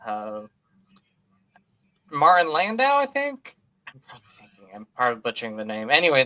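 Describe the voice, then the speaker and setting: A man co-hosting a podcast, chatting casually about movies in an animated, gushing way with lots of fillers. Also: mid-range voice, clean tone. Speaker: podcast co-host.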